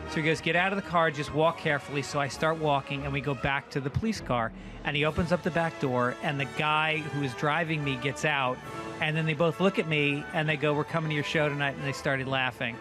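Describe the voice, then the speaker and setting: A man's voice: a little high, brisk, over music. A middle-aged man from New York, a comedian guest telling a funny story and acting out the people in it. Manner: animated, acts out the other people in the story. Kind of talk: comic storytelling.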